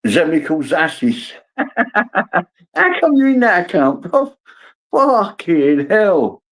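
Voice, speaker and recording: A man's voice: high-pitched, sing-song, slow, soft background music, low-quality recording. Sweary man chatting on a livestream. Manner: swears freely, greets viewers by name. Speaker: livestream host. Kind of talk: casual livestream chat.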